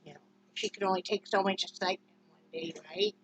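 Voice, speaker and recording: A vlogger from Wyoming chats casually in a home vlog, rambling and short on sleep, often slipping into fond baby talk with her dog. Her mid-range voice is fast with fairly even intonation. The recording is a dull lo-fi home recording with slight background noise.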